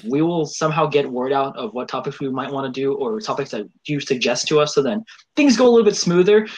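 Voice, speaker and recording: Husky rambling young podcast guy. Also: on the high side. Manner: rambling, laughs often, many fillers. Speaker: podcast co-host. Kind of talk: casual chat. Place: home room, remote call.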